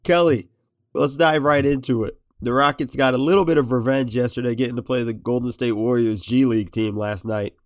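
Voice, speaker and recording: A man's voice: mid-range voice, steady tone, brisk, dry recording, clean studio sound. A man hosting a casual sports podcast, nasal and congested, joking and teasing his co-hosts. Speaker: podcast host.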